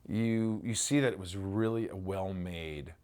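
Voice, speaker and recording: A middle-aged man reminisces in a relaxed interview, his voice sitting a little low. He tells stories with energy, swears freely and bursts into acted-out lines. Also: measured pace, clean tone. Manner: animated storyteller, swears freely, acts out lines. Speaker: actor interviewee.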